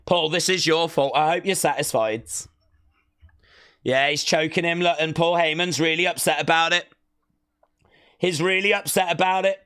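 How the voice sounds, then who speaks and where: A man hosting a live watch-along stream, reacting excitedly and repeating himself, shouting out counts and big moves. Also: on the high side, moderate pace, pauses often, clean tone, no echo, clean studio sound.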